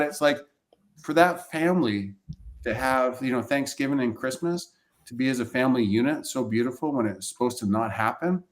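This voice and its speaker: A man's voice: medium pitch, moderate pace. A male chiropractor telling heartfelt patient stories in casual talk on a video call, emotional and repetitive, acting out quoted voices. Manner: emotional, repeats himself, acts out quoted voices. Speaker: chiropractor and practice coach. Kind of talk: casual storytelling on a live webcast.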